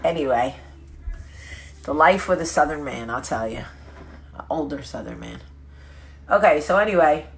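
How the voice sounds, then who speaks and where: A woman hosting a casual vlog chat, telling stories with quick asides and self-corrections. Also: deep voice, vocal fry, a little hiss or hum. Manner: chatty storytelling with quick asides; lively, laughing, self-correcting. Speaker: vlog host.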